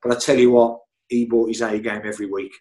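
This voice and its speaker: A former footballer and physio telling stories in an animated, chatty way, repeating himself and laughing often. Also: male voice, on the low side, fast talker. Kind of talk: casual storytelling interview.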